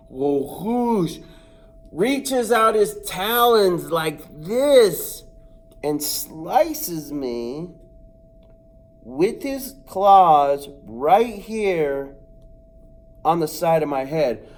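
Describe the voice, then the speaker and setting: His voice a little high and his words drawn out, a storyteller recounts a comic incident he lived through. He brings it to life with performed sounds and voices, heightening the suspense as he goes.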